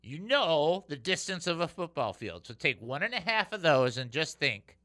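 Lively, bright-voiced radio host. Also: male voice, fairly high pitch, normal speed. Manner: animated and joking, reads scripture aloud. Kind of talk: call-in radio and Bible teaching.

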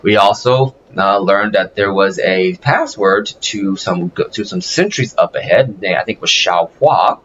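A man hosting a gameplay video, chatting casually with rambling restarts and excitable exclamations. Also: low voice, unhurried, hardly any pauses, muffled recording, a little hiss or hum. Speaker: gaming video host.

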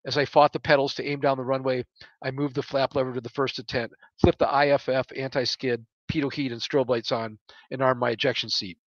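A man's voice: mid-range voice, flat delivery, fairly quick, no echo. Man reading his own story, dry and dull. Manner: tense, voices radio calls louder and drops to a murmur for inner thoughts. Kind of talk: first-person story reading.

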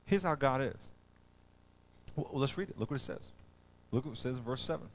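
Animated, folksy middle-aged pastor preaching. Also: male voice, mid-range voice, brisk. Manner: animated, folksy, storytelling, often loud and emphatic. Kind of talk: sermon. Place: church auditorium.

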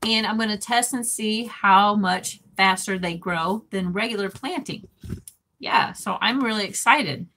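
A woman's voice: medium pitch, measured pace, pushed and bright. A woman hosting a casual live stream, reading chat comments aloud and rambling between giggles. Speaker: livestream host reading chat.

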